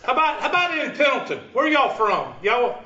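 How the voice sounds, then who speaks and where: A man's voice: very high-pitched, big pitch swings, a little fast, bright, forceful tone. A man from upstate South Carolina with a Southern accent, teaching fractions in a folksy, teasing way and tossing joking asides at his audience. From Upstate South Carolina, USA. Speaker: math teacher. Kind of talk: informal math lesson with banter. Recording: echoey room, from a distance, dull lo-fi, faint noise.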